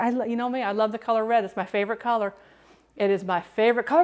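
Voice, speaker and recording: A bubbly woman talks through a recipe live from her home kitchen, her voice sitting a little high. She greets her viewers by name with bursts of excitement and often trips over her words before restarting. The sound comes close and direct from a clip-on mic. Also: rapid-fire. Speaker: food and drink streamer. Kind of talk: live cooking stream chat.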